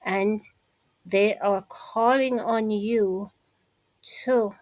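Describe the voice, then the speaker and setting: A woman's voice: medium pitch, fairly even intonation, extremely slow, a little mellow, no room sound, low-quality recording. A woman vlogger giving a casual commentary monologue, emphatic and repetitive, speaking straight to her listeners.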